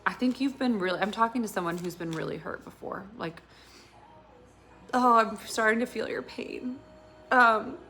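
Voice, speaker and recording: Bright-voiced woman giving an emotional tarot reading. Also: fairly high pitch, measured pace, long pauses, faint music behind. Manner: rambling, filler-heavy, emotional and earnest. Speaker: tarot reader. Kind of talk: casual intuitive tarot reading.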